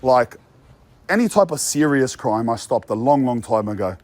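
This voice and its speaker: Outdoors among apartment blocks, a young Australian social media personality talks casually for a walking vlog. His mid-range voice is a little mellow, with lively intonation, normal speed and no echo; his tone is brash and boastful, peppered with street slang.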